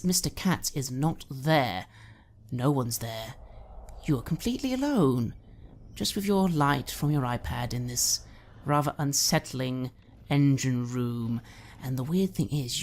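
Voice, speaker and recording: A woman's voice: rumbling low, darkish tone. A woman game master narrating a horror tabletop game in an atmospheric, descriptive way.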